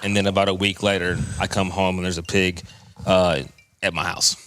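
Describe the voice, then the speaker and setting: A man's voice: deep voice, level tone, moderate pace, a bit bright, no room sound. A man who is a guest on a podcast, chatting casually, mostly answering in short, dry replies. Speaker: guest, business owner. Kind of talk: casual chat.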